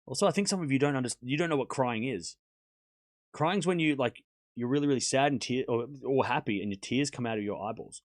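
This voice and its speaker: A man streaming live tennis commentary, calling the points with excitement and chatting and teasing his viewers in between. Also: medium pitch, brisk, dry recording, clean studio sound. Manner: excited call-outs of play, then chatty asides to chat; teasing, mock-comforting viewers.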